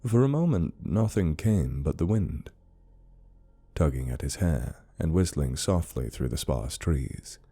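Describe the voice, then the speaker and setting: Very deep, dark-toned horror narrator man. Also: very animated, measured pace, slightly rough.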